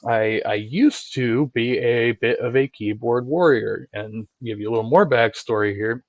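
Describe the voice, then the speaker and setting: A man hosting a live stream rambles conversationally in a mid-range voice, often checking in with "right?" He swears and laughs while reading chat, offering casual commentary. The recording is dry and dull.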